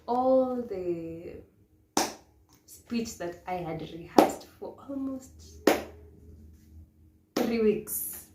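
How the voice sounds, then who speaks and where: A woman with a Kenyan accent, who coaches pageant models, tells a story casually and laughs often, slipping into Swahili now and then. Her mid-range voice is expressive but extremely slow with frequent pauses, recorded in an echoey room with faint noise.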